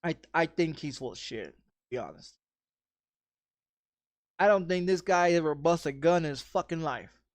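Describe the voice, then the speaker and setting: A man's voice: a little high, expressive, normal speed, pauses often, no room sound. Profane rambling man telling a story. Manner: profane, rambling, repeats words and restarts often. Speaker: streamer. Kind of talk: casual storytelling chat.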